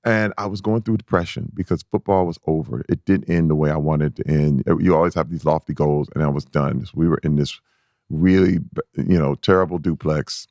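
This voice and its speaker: A man guest on a podcast, telling a candid personal story in an animated, emphatic way, often restarting and repeating words as he goes. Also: fairly quick, no echo, clean studio sound. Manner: animated, acts out his own past voice in a squeaky high pitch.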